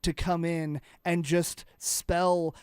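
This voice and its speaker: A male sports radio co-host making his case in plain, firm terms. His voice sits a touch high. The studio sound is dry and close. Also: little pitch movement, slow, smooth, no room sound. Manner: firm, matter-of-fact rebuttals. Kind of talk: casual sports radio debate. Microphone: studio microphone.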